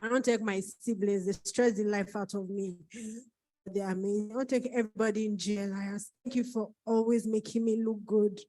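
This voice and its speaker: A woman's voice: medium pitch, steady tone, fairly quick, dark tone, no room sound, low-quality recording. A woman from Nigeria, an author giving an emotional thank-you speech at her book launch, fighting back tears. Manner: tearful, holding back crying.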